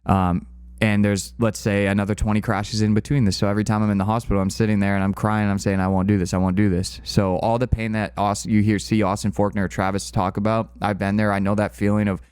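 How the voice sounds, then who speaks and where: A man's voice: lowish voice, flat delivery, fast, darkish tone, clear, resonant tone, no room sound. A young man casually telling a long personal story, candid and rambling, with fillers and restarts. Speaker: channel co-host.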